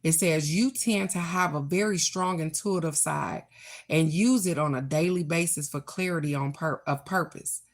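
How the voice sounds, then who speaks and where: A woman reading a card of the day and talking earnestly to her viewers, slow and affirming in a reflective spiritual tone. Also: deep voice. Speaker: tarot card reader.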